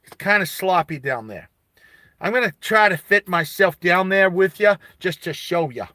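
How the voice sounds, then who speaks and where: A man's voice: high voice, animated, moderate pace, bright, forceful tone, no room sound, clean studio sound. An Australian man voicing a big, older male robot foreman who smokes cigars, a tough but kindly boss with blunt, streetwise talk.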